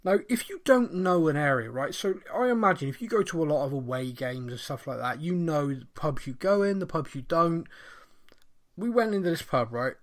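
A man with a Bristolian accent telling a story in casual chat, animated and laughing often. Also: fairly high pitch.

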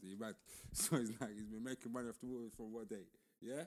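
A man co-hosting a podcast, chatting casually and telling loose, animated stories full of slang. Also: on the low side, a little fast. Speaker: podcast co-host. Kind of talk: casual chat.

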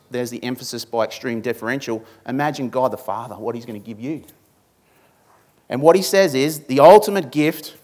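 A male pastor delivering a sermon in an emphatic, repetitive style. He drives each point home with rhetorical questions and words said again and again. His voice sits at an ordinary middle pitch.

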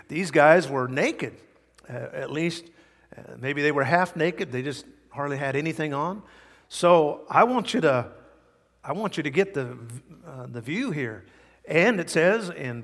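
A man's voice: on the high side, a bit bright, big-room sound. Emphatic middle-aged male pastor preaching. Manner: emphatic, repeats key words for effect; folksy, with personal stories. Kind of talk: sermon.

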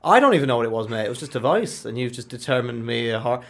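This young adult co-host speaks fast in a mid-range voice with vocal fry. He's in a radio studio for a student show, bantering loosely and spinning animated stories full of characters he makes up as he goes.

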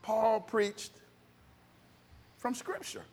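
High, scratchy-voiced man preaching a sermon. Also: little pitch movement, drawn-out words, a little mellow, husky. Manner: call-and-response preaching, prompting the congregation. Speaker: pastor. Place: church hall. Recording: reverberant hall.

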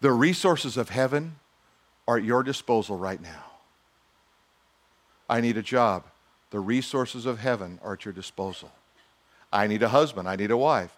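A male pastor preaching a sermon in a conversational style, with humorous asides and acted-out quotes. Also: fairly low pitch.

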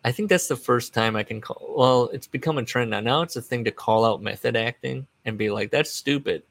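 Gravelly, rambling male podcaster. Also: mid-range voice, brisk, dry recording. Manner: rambling and digressive, trails off and restarts; chuckles at his own asides. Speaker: podcast host. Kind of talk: casual solo podcast chat.

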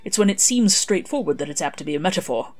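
Brief: a woman playing a prim, anxious male angel, fussy and exact, low-pitched. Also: animated, quick pace, darkish tone. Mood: explaining. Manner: prim, precise, fretful.

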